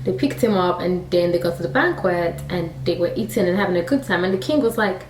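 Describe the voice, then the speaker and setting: A woman's voice: fairly low pitch, fast, few pauses, a little hiss or hum. Chatty Nigerian woman retelling a Bible story. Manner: chatty, animated, laughing asides. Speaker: faith storyteller, vlogger. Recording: roomy sound from a distant mic.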